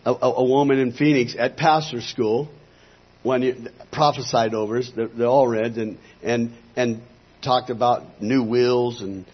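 A man's voice: medium pitch, fairly even intonation, a little slow, slightly rough, dull audio. A man, a pastor, giving a testimony in a sermon and acting out the conversations he recalls. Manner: storytelling, acting out dialogue.

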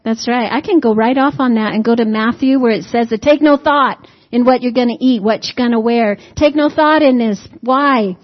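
A woman with a fairly high voice delivers a relaxed, homey sermon, tossing questions out to the congregation and slipping in little jokes. The recording is dull and lo-fi, with the top end muffled. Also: normal speed, few pauses. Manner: conversational, asks the congregation rhetorical questions; folksy humorous asides. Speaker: preacher.

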